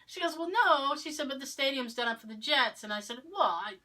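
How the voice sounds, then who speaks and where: Podcast co-host, woman from Massachusetts, clear bright tone, a storyteller who acts out the other voices. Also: high-pitched, fast talker. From Massachusetts, near Cape Cod. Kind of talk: casual chat.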